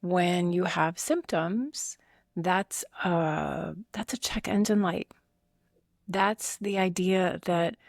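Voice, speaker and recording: A woman's voice: fairly low pitch, no echo, clean studio sound. A woman pediatrician, a guest on a podcast, explaining earnestly with everyday analogies. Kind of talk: conversational interview.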